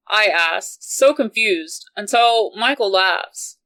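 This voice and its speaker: A woman reading a romance novel aloud in an unhurried, even manner. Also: medium pitch, low-quality recording. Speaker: audiobook reader.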